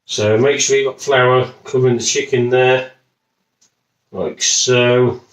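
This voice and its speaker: A man's voice: medium pitch, steady tone, slow. Joking West Midlands man cooking, echoey kitchen. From Wolverhampton. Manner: jokey, rambling, swears casually. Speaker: home cooking video host. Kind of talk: casual cooking demonstration. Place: home kitchen.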